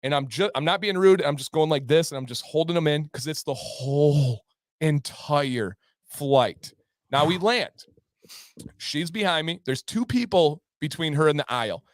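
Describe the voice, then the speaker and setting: A man's voice: on the high side, normal speed, no room sound, clean studio sound. A man co-hosting a show, telling a story casually and acting out the people in it. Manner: animated, acts out voices in the story. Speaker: podcast co-host.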